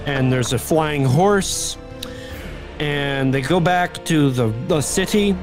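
Animated young man retelling a movie. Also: fairly high pitch, slow. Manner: animated storytelling, squawking bird impressions, laughing. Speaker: podcast co-host retelling a movie. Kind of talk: casual comedic chat. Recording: music playing behind.

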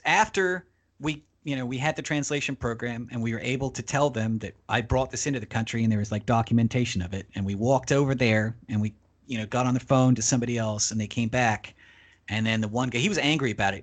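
Man, podcast guest, casual storytelling, animated, swears freely, mid pitch. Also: a little fast. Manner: animated, swears freely, acts out quoted voices.

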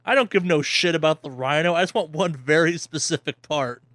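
A man's voice: on the high side, a little fast, a bit bright, no echo. A man hosting a casual podcast, joking around and swearing while he rambles. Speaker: podcast host.

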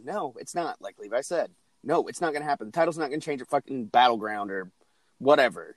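A man's voice: a little high, expressive, brisk, dry recording. A man co-hosting a wrestling podcast, ranting in casual chat and swearing heavily. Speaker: podcast co-host.

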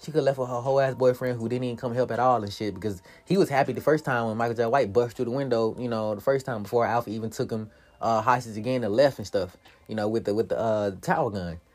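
Profane, animated man recapping a movie. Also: mid-range voice, quick pace. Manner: profane, animated, laughs often, acts out quotes. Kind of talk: casual movie recap monologue.

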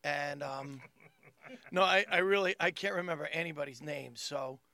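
A comedian telling stories in casual chat, acting out the people in them. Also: male voice, a little high, moderate pace, dry recording. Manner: animated, acts out voices in his stories. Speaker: comedian guest.

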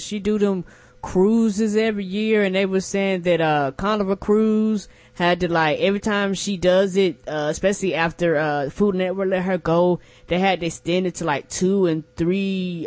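A woman's voice: fairly low pitch, a little mellow, no echo. Slangy woman co-host, dry close mic. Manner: loose, slangy, agreeing. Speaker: podcast co-host. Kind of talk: casual chat.

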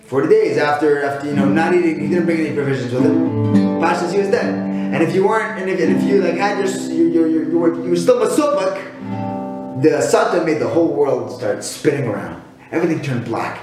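A man giving a weekly Torah talk, animated, asking rhetorical questions and often restarting his sentences. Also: on the high side, brisk. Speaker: Torah speaker. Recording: very echoey room with loud guitar music.

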